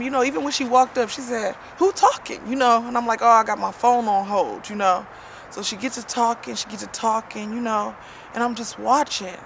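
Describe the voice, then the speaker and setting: A woman's voice: fairly high pitch, a bit bright, a little hiss or hum. A woman vlogging a casual personal story and spiritual testimony, chatty and heartfelt, full of "you know" fillers.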